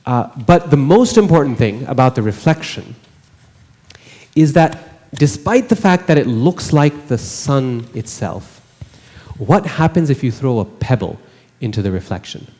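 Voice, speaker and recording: A man's voice: mid-range voice, big pitch swings, unhurried, darkish tone, long reverb tail. A man teaching a scripture class in a conversational way, often putting rhetorical questions to the listeners. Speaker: religious teacher. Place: temple hall.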